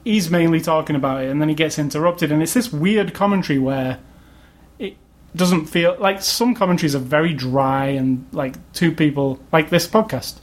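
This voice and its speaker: A man co-hosting a podcast chats casually in a film review, rambling with lots of fillers and restarts. His pitch is fairly high and his speed normal.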